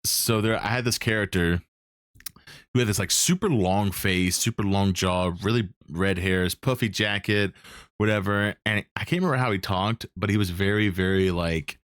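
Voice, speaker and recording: A man hosting a casual chat, telling animated stories, acting out characters, swearing and laughing often. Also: lowish voice, normal speed, clean tone, no room sound, studio quality. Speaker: host.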